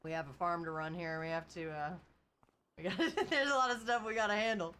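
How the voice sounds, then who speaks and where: A woman's voice: lowish voice, fast talker, bright, forceful tone, smooth. A woman live-streaming casual chat from a farm while driving a tractor, chatty and laughing often as she answers her viewers.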